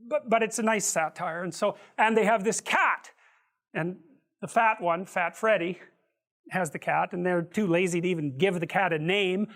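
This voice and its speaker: A man lecturing to a room of students, telling a story with vivid asides and often restarting his phrases. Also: high-pitched. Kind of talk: university lecture.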